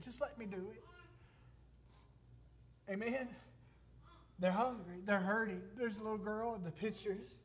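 His voice sits high, and he speaks at a measured pace with frequent pauses. An American missionary pastor, he gives an emotional sermon testimony, sometimes tearful, and calls on the congregation for amens.

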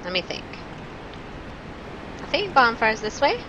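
A woman's voice: on the high side, very animated, a little slow, dull audio, noisy background. A young woman streaming a video game live, chatting with her viewers and joking as she panics at what happens on screen. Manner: jokey, panicky, talks to chat. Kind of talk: live gameplay commentary.

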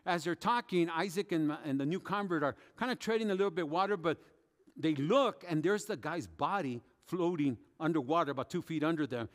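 High-voiced pastor preaching in a reverberant church. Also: male voice, a little fast. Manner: animated storytelling, acting out quoted speech. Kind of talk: sermon. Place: church sanctuary. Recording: long hall reverb.

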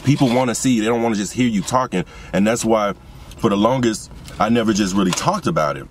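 Young man, low voice, excited and rambling, phone recording in a parked car, faint traffic hum. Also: quick pace. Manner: excited, rambling, talks straight to viewers. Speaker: vlogger and seasoning business owner. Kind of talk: casual car vlog while eating.

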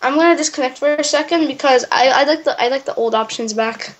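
A woman's voice: high voice, quick pace, slight background noise, poor audio. A woman new to the game, chatting casually, unsure and full of questions. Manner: unsure and hesitant, asks lots of questions. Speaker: new player. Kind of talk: casual gameplay chat.

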